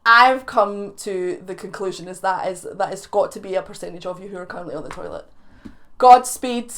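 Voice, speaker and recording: A woman's voice: fairly low pitch, fast talker, pushed and bright, a little hiss or hum. A young woman with a Scottish accent hosting a chatty video channel, playful and teasing, laughing often between remarks. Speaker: YouTube reaction host. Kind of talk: chatty vlog to camera.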